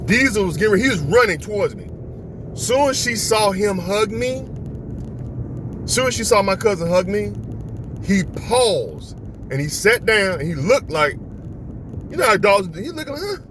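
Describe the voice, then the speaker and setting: Man from Florida, casual animated storyteller, lively higher voice, street noise. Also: unhurried, long pauses. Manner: animated, acts out voices, laughs often. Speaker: vlogger. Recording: outdoor street and traffic noise.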